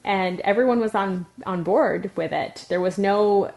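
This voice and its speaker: A woman's voice: medium pitch, a little slow, gravelly, a little mellow. A middle-aged woman sharing her life story as a podcast guest, chatty and full of "like" and laughter. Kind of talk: casual personal testimony.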